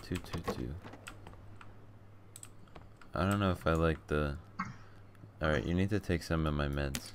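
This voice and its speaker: A man's voice: rumbling low, measured pace, pauses often, a little hiss or hum. A young man streaming a game, bantering and laughing casually with a friend. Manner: joking, laughing often. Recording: keyboard clicks behind voice.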